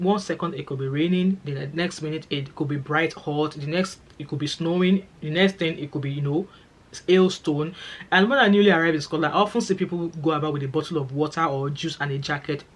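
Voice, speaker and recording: A middle-aged woman and nurse, talking fast and chatty straight to camera in a casual vlog. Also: sits low. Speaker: vlogger and nurse.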